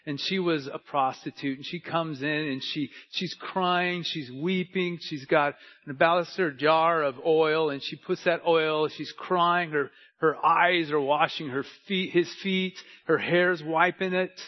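A man preaching a sermon, dropping to a near hush and then rising to loud emphatic lines. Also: on the high side, steady tone, unhurried, hardly any pauses. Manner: preaching with wide swings from hushed to emphatic. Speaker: pastor. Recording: dull lo-fi sound.

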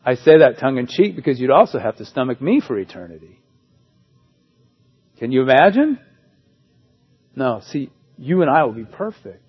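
A man's voice: medium pitch, sing-song, normal speed, long pauses, husky, muffled recording, soft background music. A man preaching a sermon as pastor, in a conversational way with joking asides.

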